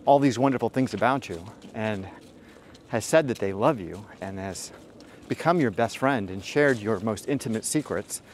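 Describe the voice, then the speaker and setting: A man's voice: fairly low pitch, normal speed, slight background noise. Man rambling frankly with lots of fillers. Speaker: dating advice host. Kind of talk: casual storytelling monologue.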